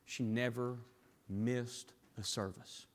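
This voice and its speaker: A man preaching a sermon in a church, dropping to hushed tones and building to raised, emphatic climaxes. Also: mid-range voice, steady tone, slow pace. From Southern US. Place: church sanctuary. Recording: long reverb of a large hall.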